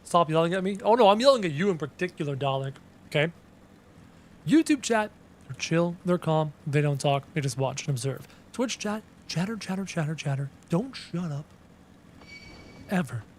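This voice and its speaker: A man's voice: on the high side, expressive, moderate pace, pauses often, a little hiss or hum. A man streaming a game live, chatting casually with his viewers in a playful, teasing, self-mocking way.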